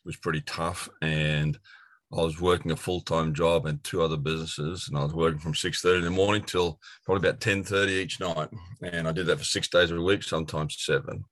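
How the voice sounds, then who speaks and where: Very deep-voiced Australian man. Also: fairly bright tone, no echo. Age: middle-aged. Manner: earnest storytelling with frequent fillers and restarts. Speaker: guest. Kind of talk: personal testimony in an interview.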